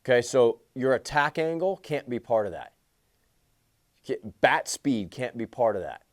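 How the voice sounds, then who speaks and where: A male baseball hitting coach talks straight to his players, blunt and emphatic. He drives each point home by repeating it, in a voice of everyday middle pitch. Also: big pitch swings, a little slow.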